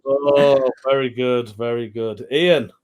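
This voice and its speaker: A man hosting an online pun contest over a video call, chummy and quick to laugh, calling the contestants mate. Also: medium pitch, fairly even intonation, darkish tone. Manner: chummy, laughs often, calls people mate. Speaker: host.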